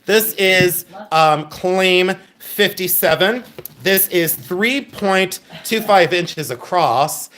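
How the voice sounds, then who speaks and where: A man's voice: sits high, slow pace, a bit bright. A man hosting a live online jewelry sale, chatty and playful, often laughing and greeting viewers by name. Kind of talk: live online sales stream.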